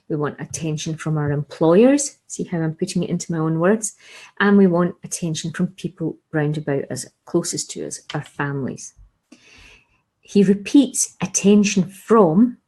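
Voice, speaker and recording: A woman leads an English revision lesson in a mellow, slightly low voice. She explains patiently, circles back to key points and asks her listeners rhetorical questions. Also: slightly rough, rough recording. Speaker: English teacher.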